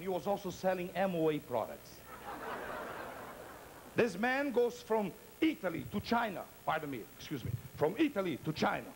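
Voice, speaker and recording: A man's voice: sits high, a little hiss or hum, rough recording. A man performing a stand-up comedy routine, talking in a theatrical, playful way and teasing the audience.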